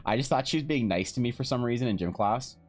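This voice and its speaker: A man chatting casually on a live art stream, telling rambling stories, swearing freely and laughing often. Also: mid-range voice. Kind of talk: casual chat while drawing on stream.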